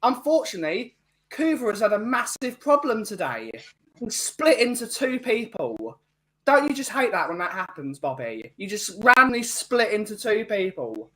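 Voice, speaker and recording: A man's voice: high-pitched, sing-song, normal speed, sharp tone. A man hosting a casual podcast, teasing his co-hosts with jokes. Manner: jokey, teasing. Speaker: podcast host. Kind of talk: casual banter.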